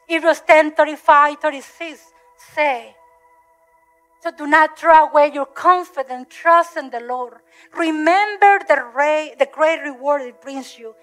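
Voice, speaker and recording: Woman preacher, high and bright, English, repetitive emotional sermon cadence, faint music under. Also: measured pace, low-quality recording.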